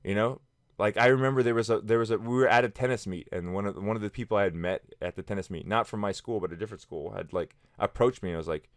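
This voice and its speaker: A man's voice: on the low side, fast talker, no echo, studio quality. A man in his thirties telling personal stories casually to camera, rambling with many fillers and restarts. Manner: acts out friends' lines in quoted voices. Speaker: vlogger.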